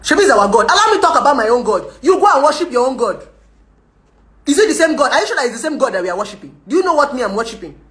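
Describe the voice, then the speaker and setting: Rapid-fire and very animated, a young Nigerian woman rants on a live video in a high, fairly bright voice with roomy acoustics. She's combative and scolding toward viewers, switches into Pidgin, and laughs often.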